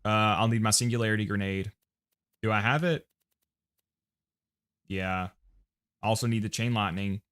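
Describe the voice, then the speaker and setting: A man's voice: fairly low pitch, normal speed, long pauses, fairly bright tone, clear, resonant tone. A man with an American accent casually talking to himself and reading chat while setting up a game loadout on a livestream. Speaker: streamer.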